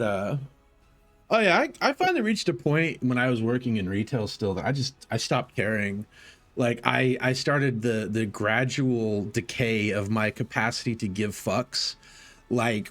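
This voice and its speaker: Profane storytelling man, animated. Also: fairly low pitch. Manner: animated, profane, acts out quoted voices. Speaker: streamer. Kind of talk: casual storytelling.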